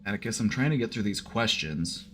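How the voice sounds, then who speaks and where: Casual low-voiced man giving advice. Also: lively intonation, a little fast, pushed and bright, soft background music. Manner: casual, frequent filler "like", swears. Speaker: therapist streamer. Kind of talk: casual live-stream advice. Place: home, with his dog.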